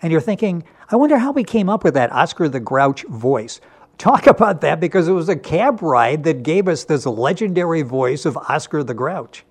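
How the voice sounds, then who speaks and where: A man hosting a radio interview show, leading the conversation with relaxed, friendly questions. His voice sits a little high for a man. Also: moderate pace. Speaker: radio talk show host.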